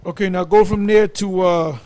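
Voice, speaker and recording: A man leading a Bible study, preaching in an animated, emphatic way and laughing between points. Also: high-pitched, moderate pace. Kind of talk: fiery preaching commentary.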